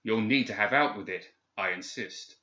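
A man's voice: on the low side, normal speed, pushed and bright. A man voicing a thin machinist officer who speaks formally, severely and commandingly, with an English accent. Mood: formal, firm. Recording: echoey, slightly dull recording.

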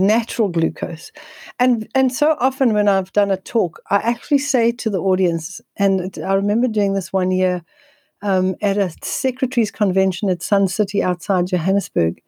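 A woman guest speaking on nutrition in an interview, telling stories in a quick, energetic way with frequent restarts. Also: mid-range voice, no echo. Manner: fast, energetic, with frequent restarts and repeated words. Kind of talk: conversational storytelling interview.

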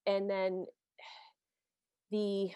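A woman hosting a podcast interview, speaking effusively with many halting restarts and gentle questions. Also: medium pitch, completely flat delivery, clean tone, no echo, studio quality. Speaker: podcast host. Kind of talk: conversational interview.

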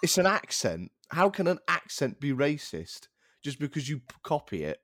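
A man's voice: on the high side, very animated, normal speed, a bit bright, dry recording, studio quality. A man co-hosting a casual podcast chat, ranting in an exasperated way and swearing freely. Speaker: podcast co-host.

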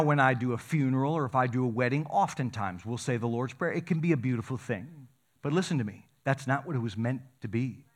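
A man, a middle-aged pastor, preaching a conversational sermon that grows animated and excited. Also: medium pitch.

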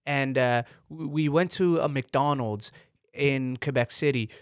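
Young guy from Canada, Urdu native, animated swearing storyteller, dry close sound. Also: medium pitch, unhurried, smooth, no echo. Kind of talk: casual chat.

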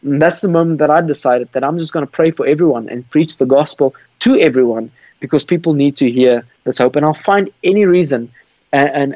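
A man's voice: on the high side, darkish tone, no room sound. A man on a video call telling his faith testimony with passion, often repeating words and restarting sentences. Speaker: guest sharing his testimony. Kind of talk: earnest storytelling on a call. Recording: dull, dry call audio.

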